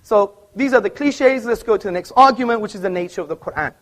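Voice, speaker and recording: A man's voice: high voice, fast talker, fairly bright tone. A man giving an argumentative, emphatic public debate speech to a live audience in an auditorium, citing books as he goes.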